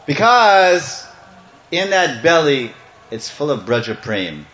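A man giving a devotional storytelling sermon, animated and playful, breaking into chants and acting out parts. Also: mid-range voice, unhurried. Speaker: devotional speaker. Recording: echoey, slightly muffled room.

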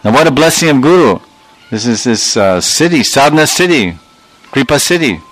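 Animated man telling a sermon story. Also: mid-range voice, moderate pace, low-quality recording. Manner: animated, acts out characters, laughs often. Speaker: spiritual teacher.

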